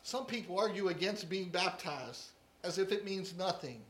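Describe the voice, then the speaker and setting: Bright-voiced preaching man in an echoey room. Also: high-pitched, moderate pace. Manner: emphatic, repeats key phrases. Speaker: pastor. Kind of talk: sermon.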